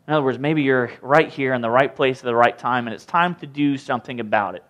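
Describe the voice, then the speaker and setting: A man preaching a sermon, retelling scripture in an animated, conversational way. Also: medium pitch, fast talker, few pauses.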